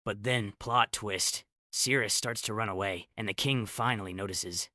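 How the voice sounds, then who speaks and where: A man recaps a comic story with a sarcastic edge, dropping snarky asides between plot beats. His voice sits a little low but sounds bright and sharp, and it is recorded dry and close. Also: moderate pace, no echo. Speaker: recap narrator. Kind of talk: comedic story recap narration.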